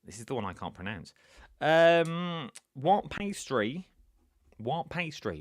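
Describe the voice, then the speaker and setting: Man, live quiz host, lively swooping voice, dry close sound, chatty and repetitive. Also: a little high, slow, dry recording. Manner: chatty, repeats answers, teasing. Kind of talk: live-stream quiz hosting, casual chat. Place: indoors, seated at home.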